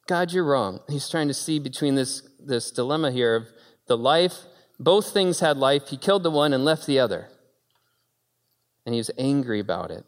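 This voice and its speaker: A man preaching a sermon, moving between quiet storytelling and loud, high-pitched exclaiming. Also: animated, moderate pace, big-room sound. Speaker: pastor.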